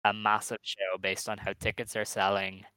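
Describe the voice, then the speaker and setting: A man co-hosting a wrestling podcast, speculating in a relaxed way with lots of ums and hedges. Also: lowish voice, moderate pace, smooth, no room sound. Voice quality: hesitant, hedging, many fillers. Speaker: podcast co-host. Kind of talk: casual chat.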